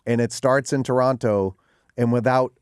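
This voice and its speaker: A man's voice: mid-range voice, fairly even intonation, moderate pace, clear, resonant tone, dry recording. A man from Boston, an actor and producer, talking eagerly in a studio interview, often restarting his sentences. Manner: eager, rambling with frequent restarts. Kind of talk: talk show interview.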